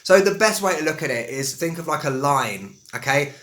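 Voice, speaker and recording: A young man from England with an Estuary English accent, chatting casually as an English teacher and drawing words out slowly to demonstrate. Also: on the high side, lively intonation, a bit bright. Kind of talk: casual video lesson.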